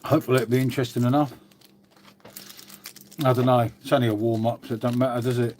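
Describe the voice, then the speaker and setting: A man's voice: mid-range voice, flat delivery, fast talker, a little mellow, a little hiss or hum. A British man hosting a casual livestream, chatting and swearing freely while greeting and answering viewers. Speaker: livestream host. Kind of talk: casual live-stream chat.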